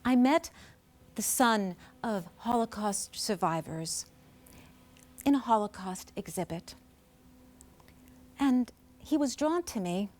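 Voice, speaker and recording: Slow, earnest woman poet. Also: medium pitch, expressive, darkish tone. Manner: measured, earnest, with deliberate pauses. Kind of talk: spoken introduction at a poetry performance. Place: live performance on stage.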